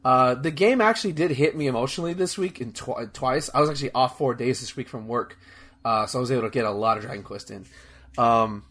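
A man's voice: mid-range voice, fast talker, fairly bright tone. A young man chatting casually as a podcast host, rambling and enthusiastic, with lots of fillers, restarts and swearing. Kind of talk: casual chat.

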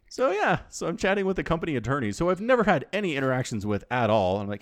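A man co-hosting a podcast, talking casually with a sarcastic, animated delivery. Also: very fast, few pauses. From not Australian. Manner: animated, sarcastic, jumps high in pitch for emphasis. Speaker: podcast co-host. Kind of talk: casual chat.

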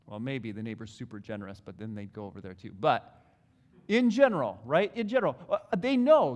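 A man preaching a sermon in a hall, animated, acting out prayers in different voices. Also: medium pitch, a little fast. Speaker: pastor. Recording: long hall reverb.

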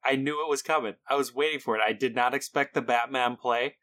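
A man joining a casual podcast chat, talking in an animated way with laughs. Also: mid-range voice, fairly quick.

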